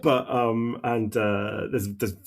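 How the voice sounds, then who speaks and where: A man hosting a podcast, chatting casually with many halting restarts. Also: mid-range voice, fairly even intonation, gravelly. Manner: halting, full of restarts and laughs. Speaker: podcast host. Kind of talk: casual chat.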